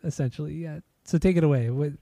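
A man's voice: fairly high pitch, fast talker, gravelly, dark tone, dry recording. A man from Southern California with a Southern Californian accent, co-hosting a podcast in casual chat, teasing and laughing easily. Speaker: podcast co-host.

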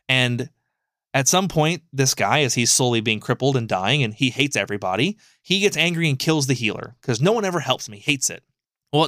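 Man, podcast co-host; middle pitch, casual, rambling, animated delivery; dry close mic. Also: no echo. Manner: animated, rambling storytelling with frequent fillers and swearing.

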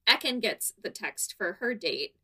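A woman's voice: medium pitch, measured pace, husky. A woman co-hosting a podcast, chatting casually and laughing often as she retells the episode. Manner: giggly, animated storytelling. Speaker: podcast co-host. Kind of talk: casual recap chat.

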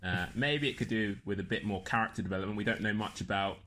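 Guy rambling on a podcast, lowish bright voice, lots of ums, pokes fun at himself. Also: fast. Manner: rambling, self-mocking, many fillers. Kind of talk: casual chat.

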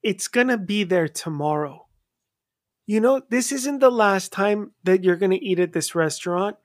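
A man hosting a podcast interview, chatting casually and telling funny stories with quick voice switches. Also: sits high, no echo, studio quality. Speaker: podcast host.

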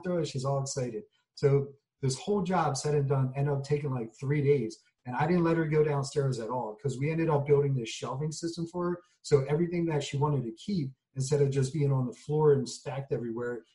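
A man's voice: mid-range voice, dark tone. A man telling a story in casual conversation as an interview guest, acting out the quoted lines. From United States. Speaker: guest, junk removal business owner. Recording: voice a bit distant from the mic.

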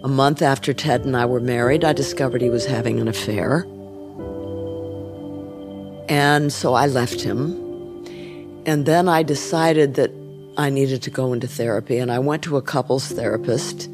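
An older woman speaking as an interview guest, reflective and frank, with soft trailing restarts. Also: rumbling low, moderate pace, long pauses, music in the background. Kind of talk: candid interview conversation.

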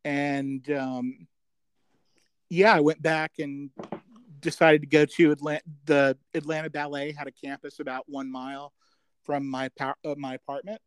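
Smooth-voiced middle-aged man, rambling and chatty. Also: fairly high pitch, flat delivery, dry recording, poor audio. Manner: chatty, rambling, full of 'um' fillers; self-deprecating, quick to joke. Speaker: podcast guest. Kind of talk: casual reminiscing chat.

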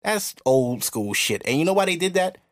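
A man's voice: sing-song, moderate pace. Man, young adult, podcast host, blunt, preachy, casual chat, mocking quoted voices. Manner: blunt, preachy, jumps into high mocking voices when quoting people.

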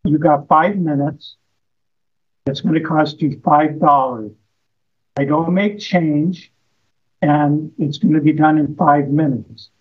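A man's voice: fairly high pitch, fairly even intonation, takes it slowly, long pauses, phone-quality sound. A man doing a blunt male psychiatrist. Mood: curt. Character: dry, blunt male psychiatrist, an impression of a comedian.

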